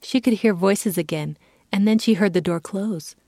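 A woman giving a calm, clear reading as the narrator of a children's story. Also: medium pitch, moderate pace, no room sound, clean studio sound.

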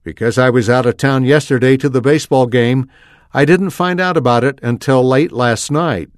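A man's voice: mid-range voice, normal speed, no room sound, natural voice. Man voicing nervous stammering teen boy, dry. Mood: apologetic.

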